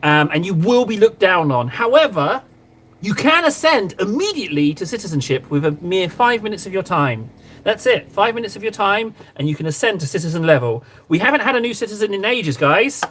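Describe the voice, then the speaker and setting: A man's voice: sits high, very animated, a little fast, fairly bright tone. Playful man chatting while painting. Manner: playful, rambling, talks to chat while painting. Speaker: streamer painting miniatures. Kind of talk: casual live-stream chat.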